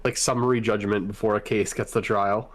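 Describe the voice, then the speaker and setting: A man co-hosting a podcast, speaking casually and bluntly, quick to criticize. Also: fairly low pitch, flat delivery. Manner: blunt and critical, calls things stupid. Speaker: podcast co-host. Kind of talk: casual fan discussion.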